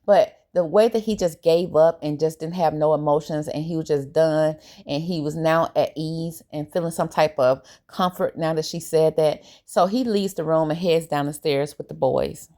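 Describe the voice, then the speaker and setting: A woman giving a casual, opinionated recap of a reality TV episode, animated and colloquial. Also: low-pitched, moderate pace, hardly any pauses. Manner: animated, opinionated, briefly acts out quoted lines; relaxed colloquial grammar.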